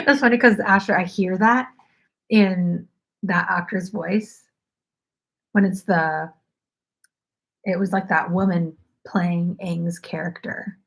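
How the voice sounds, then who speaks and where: She hosts a knitting livestream from home, speaking slowly in a fairly low voice with fairly even intonation and frequent pauses. Her chat is rambling and casual, full of "like."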